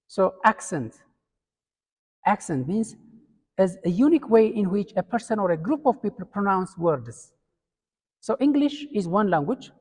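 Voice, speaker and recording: A man's voice: high-pitched, a little mellow. A man from Ethiopia with an Ethiopian accent, giving a classroom lecture step by step with fillers and restarts. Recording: long hall reverb.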